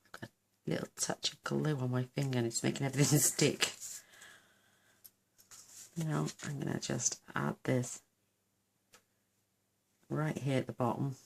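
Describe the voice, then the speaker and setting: A woman's voice: a bass voice, steady tone, unhurried, creaky, long pauses, a little hiss or hum. A woman hosting a card-making tutorial, chatting casually and gushing over her work as she thinks aloud. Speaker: craft channel host.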